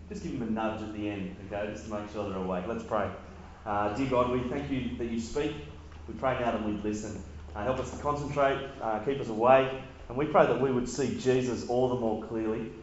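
A man's voice: mid-range voice, dull audio. Man, youth pastor, chatty jokey sermon, very roomy hall with faint noise. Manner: conversational, joking with the audience. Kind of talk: sermon to teenagers.

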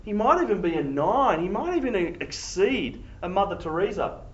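A man's voice: high voice, very animated, normal speed. A man preaching a sermon in an emphatic, conversational way. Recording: echoey, dull room recording.

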